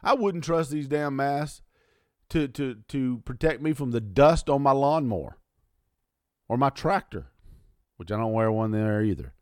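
Guy ranting on his podcast, mad and cussing, voice jumps way up and drops low, dead dry close mic. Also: animated, unhurried, smooth, no room sound. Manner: angry, profane, swinging from low mutters to loud outbursts. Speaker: podcast host. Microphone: audio only, close mic.

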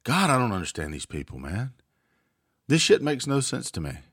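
A man's voice: medium pitch, very animated, moderate pace, a bit bright, husky, no echo, studio quality. A man hosting his own show, delivering an angry political rant with frequent swearing. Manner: ranting, swears freely. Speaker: show host. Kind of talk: political commentary monologue. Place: home.

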